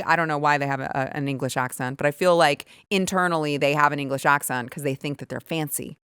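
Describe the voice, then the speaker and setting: A woman with a fairly low voice hosts an opinion show in a sarcastic, indignant, animated manner. The sound is close and dry, with no room around her. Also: fast, few pauses, clear, resonant tone, dry recording. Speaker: host. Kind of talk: opinionated commentary and ad read.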